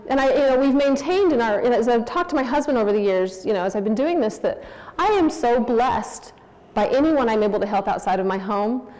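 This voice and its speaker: A woman's voice: on the high side, darkish tone. A woman in her forties giving a candid, anecdotal talk on parenting as a church speaker, in a church hall. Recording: long hall reverb.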